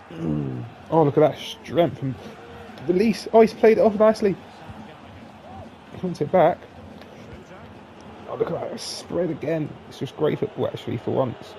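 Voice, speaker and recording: Excitable sweary gamer man. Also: a little high, creaky, slight background noise. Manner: excitable, sweary, swings from shouting to flat grumbling. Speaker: gaming YouTuber. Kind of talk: live gameplay commentary.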